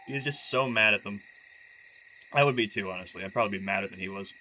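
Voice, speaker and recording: A man's voice: lowish voice, fast talker, sharp tone, a little hiss or hum, low-quality recording. A man streaming live who reads aloud and then chats casually, stumbling and restarting his sentences often and making wry asides. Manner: chatty and wry when talking freely.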